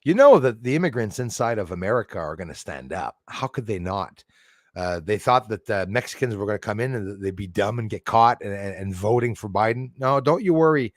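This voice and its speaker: A man's voice: on the low side, expressive, a little fast, no room sound. Blunt, profane man ranting on a live stream. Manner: blunt, profane, rambling, laughs at critics. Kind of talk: casual live-stream rant to chat. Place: outdoors in a forest.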